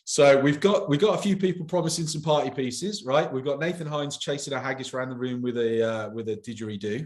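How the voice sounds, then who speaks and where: A man, the event organizer, chatting casually and joking in a promotional interview. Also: medium pitch. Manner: chatty, joking, self-deprecating. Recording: roomy echo.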